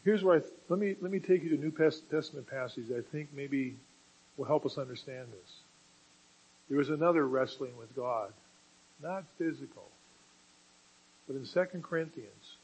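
A man preaching a sermon, moving from quiet explanation to loud, emphatic passages. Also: fairly high pitch, moderate pace, pauses often, breathy edge, low-quality recording.

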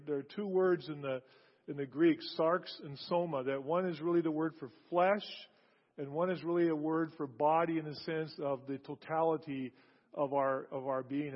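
Male preacher, somewhat high voice, hammers phrases home, drops soft then booms; dull recording in a big reverberant hall. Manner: emphatic, repeats key phrases, swings from hushed to loud. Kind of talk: sermon. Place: large hall with an audience.

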